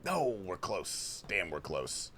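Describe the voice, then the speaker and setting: Young male streamer from Australia, loose and profane, with a lively, bouncy delivery. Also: low-pitched, slow, a little hiss or hum. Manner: reads chat questions aloud and answers loosely, swearing often. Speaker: livestream host. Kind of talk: casual gaming stream chat. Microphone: headphones and desk mic.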